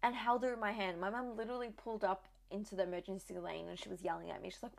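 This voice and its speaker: Young mum chatting candidly, vocal fry all through, says like a lot. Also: female voice, a little high, quick pace. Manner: chatty, candid, many "like" fillers. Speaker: new mother sharing her story. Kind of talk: casual personal storytelling.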